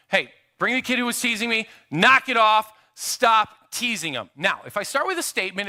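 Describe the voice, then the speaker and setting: A man's voice: high-pitched, pushed and bright. A middle-aged man preaching a sermon in a church, conversational and acting out quotes from his children. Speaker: pastor. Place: church sanctuary.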